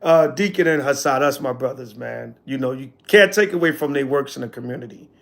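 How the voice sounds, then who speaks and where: This elder talks to his livestream audience in a casual teaching style, responding to chat comments with slangy, sarcastic remarks. His mid-range voice is fairly bright with vocal fry, and he speaks a little fast.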